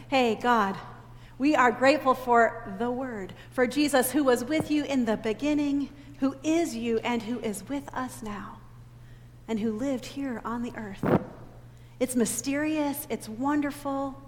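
Woman, high voice, animated teacherly children's-sermon leader; long church-hall reverb. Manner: animated, teacherly, call-and-repeat. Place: church sanctuary. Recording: long reverb in a big church hall, faint ambient noise.

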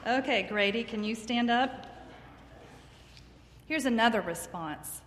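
Woman teacher, gentle and encouraging, slightly high voice, unhurried, echoey classroom. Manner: gentle, encouraging, asks many questions. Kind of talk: classroom lesson with children. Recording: echoey room, faint background noise.

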